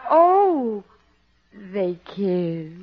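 A woman's voice: medium pitch, very animated, extremely slow. A woman playing a sweet, coy young dancing teacher in a radio comedy, gushing sweetly. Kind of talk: 1940s radio acting. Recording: muffled old radio broadcast.

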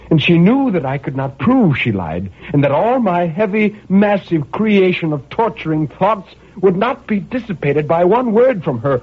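A man narrating a dark first-person story in a brooding, intense, measured way. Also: medium pitch, breathy edge. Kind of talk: dramatic story reading. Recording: tinny phone-like audio.

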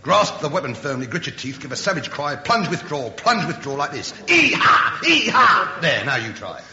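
A man doing a gruff drill sergeant. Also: mid-range voice, lively intonation, a little fast, crowd noise, lightly acted. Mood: bullying. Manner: barking, sarcastic. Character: gruff, bullying male army drill sergeant. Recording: echoey muffled old radio recording.

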